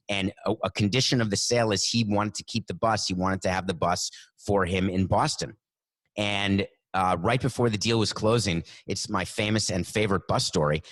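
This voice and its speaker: A middle-aged man on a sports talk show, telling an animated anecdote and acting out the phone calls in it. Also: lowish voice, no echo. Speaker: guest storyteller.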